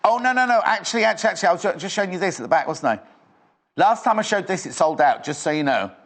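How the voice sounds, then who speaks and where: A man's voice: high voice, expressive, quick pace. A man presenting live on a shopping channel in a studio, with chatty, rambling sales patter.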